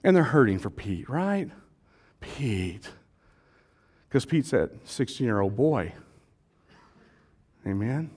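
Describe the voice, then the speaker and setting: A man's voice: medium pitch, very animated, measured pace, pauses often, a little mellow. A male pastor, preaching in a casual, joking way and acting out voices from the crowd. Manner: playful, jokey, acts out voices of the crowd.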